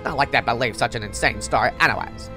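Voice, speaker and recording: Tough teen delinquent girl played by a woman, low drawl, dismissive, swears. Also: fast talker, over music. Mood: gruff.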